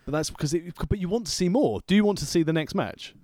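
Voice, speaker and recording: A man's voice: sits high, animated, fast talker, warm tone, no echo. A man co-hosting a casual podcast, chatting about old wrestling with dry wisecracks. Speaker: podcast co-host.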